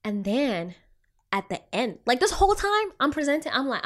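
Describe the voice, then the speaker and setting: A young adult woman, a clinician who works with children, telling a personal story to her viewers in a lively, expressive way, her pitch jumping around and her speech full of fillers like "you know". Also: normal speed. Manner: animated, swinging pitch, filler-heavy retelling.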